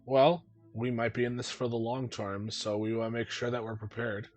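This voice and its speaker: A man's voice: mid-range voice, flat delivery, moderate pace, darkish tone, faint music behind. A man running a tabletop game as game master, narrating scenes casually with lots of fillers.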